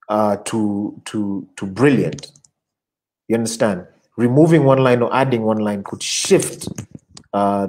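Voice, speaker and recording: An advertising creative director with a lowish voice answers audience questions in a casual interview, captured on a rough recording. He talks animatedly, often repeating words while hunting for the next one.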